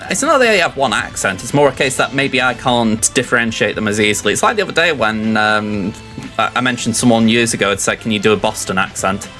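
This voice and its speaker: A man's voice: fairly low pitch, lively intonation, fairly quick, bright, forceful tone, soft background music. An English man hosting a game stream, chatting in a rambling, self-deprecating way. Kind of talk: casual live-stream chat.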